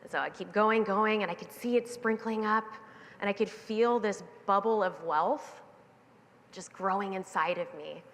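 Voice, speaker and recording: Woman keynote speaker, animated storyteller, mid pitch, live hall with long reverb. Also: moderate pace. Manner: animated, acting out the voices in her anecdote. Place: stage in a large event hall.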